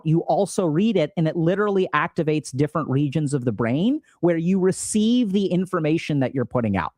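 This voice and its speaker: Casual explaining man, fairly high voice. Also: a little mellow, no room sound, clean studio sound. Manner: casual, upbeat, acts out quoted dialogue. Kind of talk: explanatory talk to camera.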